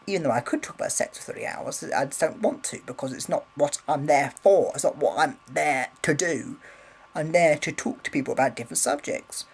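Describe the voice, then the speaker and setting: A man's voice: on the high side, fairly quick, gravelly, husky, rough recording. A man rambling casually in a vlog, swearing freely, filming on a handheld camera. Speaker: vlogger.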